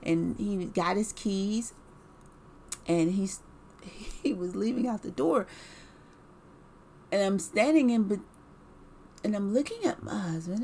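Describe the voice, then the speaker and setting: A woman's voice: mid-range voice, dark tone, a little hiss or hum. A woman telling a personal story in a casual, rambling way, with many fillers, restarts and repeated words.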